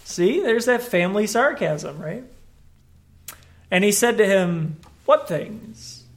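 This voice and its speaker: Conversational pastor preaching with emphasis. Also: male voice, sits high, unhurried. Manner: conversational, emphatic, animated retellings. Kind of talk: sermon.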